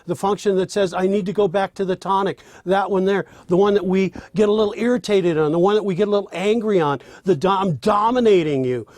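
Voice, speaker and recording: Animated man teaching, fairly high voice. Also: quick pace, few pauses, no echo. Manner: demonstrates by speaking and singing lines; animated, with restarts. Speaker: songwriting teacher. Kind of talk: spoken lesson with sung examples.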